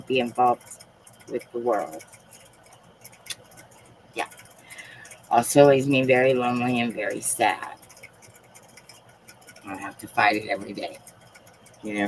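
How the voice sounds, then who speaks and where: Low-voiced woman, soft and halting. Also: slight background noise, rough recording. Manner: soft-spoken and halting, with frequent pauses; emotional and confiding. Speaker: live streamer. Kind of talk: casual live-stream chat.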